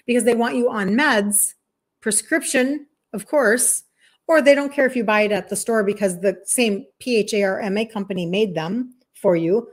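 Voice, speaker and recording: A woman in her fifties, a health coach, talking to viewers in a chatty, emphatic way and laughing often. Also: on the high side. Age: 50s. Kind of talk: casual monologue to viewers.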